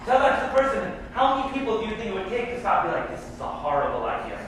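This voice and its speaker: Male lecturer, high voice, jokey and interactive with the room, recorded from a distance in a reverberant hall. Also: very fast, a little hiss or hum. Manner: joking, animated, asks audience questions. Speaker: imam teaching tafsir. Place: large echoey hall. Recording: echoey hall from far off.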